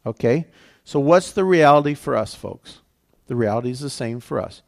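Man, pastor, conversational sermon, gravelly voice, mid pitch. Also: expressive, moderate pace. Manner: casual, conversational preaching with many fillers.

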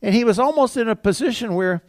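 A man's voice: extremely high pitch, animated, fast, darkish tone, no room sound, studio quality. A male pastor giving a conversational, folksy sermon in church, chuckling between points.

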